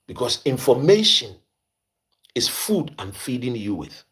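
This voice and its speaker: A man's voice: medium pitch, very animated, unhurried, bright, forceful tone. A man from Ghana with a Ghanaian accent, hosting an impassioned commentary in a preachy way, repeating phrases for emphasis. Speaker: host.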